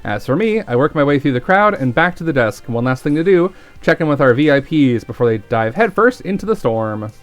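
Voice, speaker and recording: Guy streamer reading a visual novel out loud, chatty, mid pitch, faint music. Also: very animated, a little fast, few pauses. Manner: casual, chatty asides between narration.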